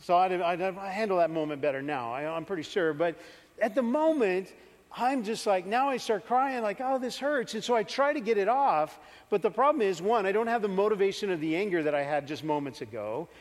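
A man's voice: high voice, lively intonation, brisk. A man preaching a sermon, telling a personal story and acting out his younger self. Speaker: pastor. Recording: church hall reverb.

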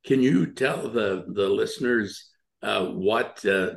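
A man hosting an on-air interview, halting and full of praise and encouragement. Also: fairly low pitch, vocal fry, reverberant. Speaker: radio show host.

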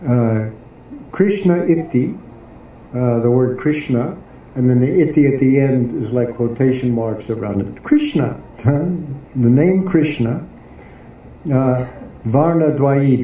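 A man giving a devotional class who explains a poem haltingly, often pausing and searching for words. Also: medium pitch, lively intonation, warm tone. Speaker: spiritual teacher. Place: devotional garden venue in Philadelphia. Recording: echoey room, distant mic, faint noise.

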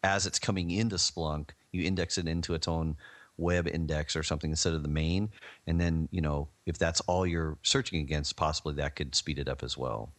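Very deep-voiced laughing man. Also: steady tone, fairly quick, fairly bright tone, dry recording. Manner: laughs a lot, friendly add-on tips. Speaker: podcast co-host. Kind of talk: casual tech podcast chat.

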